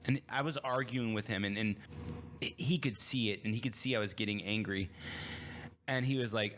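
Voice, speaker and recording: Blunt, ranting man with a bright voice. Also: lowish voice, moderate pace, a little hiss or hum. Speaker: podcast host. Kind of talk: opinionated podcast monologue.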